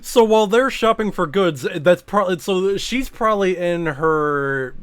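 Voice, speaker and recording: A man's voice: high-pitched, lively intonation, measured pace, a bit bright, clear, resonant tone, dry recording. A young man streaming a reaction, rambling and cursing a lot, calling people bro. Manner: rambling, swears a lot, says "bro" often. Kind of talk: casual reaction commentary.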